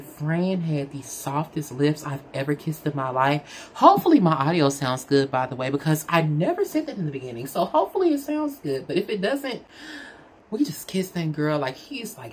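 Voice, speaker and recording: A woman telling a personal story in a casual, candid, chatty way, talking straight to her audience. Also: a little hiss or hum. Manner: chatty, candid, addresses the audience as "girl" and "y'all"; animated, with big swings in pitch. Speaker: storyteller vlogger.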